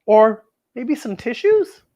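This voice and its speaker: A brave, caring little girl from a picture book, read by a woman. She speaks earnestly and with kind concern, in a lively and fairly high voice that rises and falls a lot. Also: slow, lo-fi sound.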